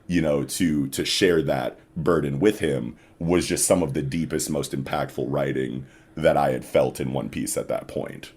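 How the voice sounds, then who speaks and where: A man on a casual podcast, excitedly retelling a story and dropping into low murmurs. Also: normal speed, hardly any pauses, husky. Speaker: podcast co-host.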